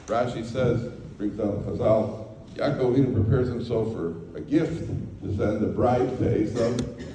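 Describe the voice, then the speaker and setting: A man's voice: mid-range voice, a little slow, background noise. An American man, a rabbi, giving a Torah talk to a live audience, telling stories with jokey asides and acting out the dialogue. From United States. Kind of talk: Torah talk with humorous storytelling. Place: lecture hall to a live audience. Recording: echoey hall, mic from far off.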